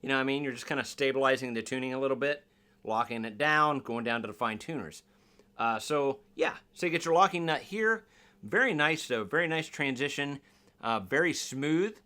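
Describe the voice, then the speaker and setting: Bright-voiced rambling guitar vlogger man. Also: medium pitch, animated, a little fast, smooth. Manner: rambling, self-deprecating, jokey. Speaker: guitar reviewer. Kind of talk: casual unboxing review.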